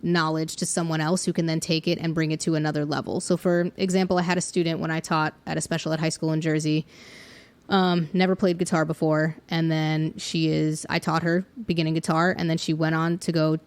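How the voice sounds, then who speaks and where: A woman's voice: low voice, flat delivery, fairly quick. A young adult woman, a songwriter and middle school music teacher, chatting casually on a podcast and thinking aloud with fillers and small laughs.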